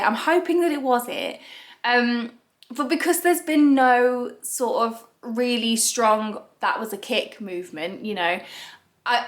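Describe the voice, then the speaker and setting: A woman's voice: a little high, a bit bright. A young woman, vlogging to camera in a rambling, chatty way, a little out of breath. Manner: chatty, rambling with fillers and restarts. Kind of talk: casual chat to camera.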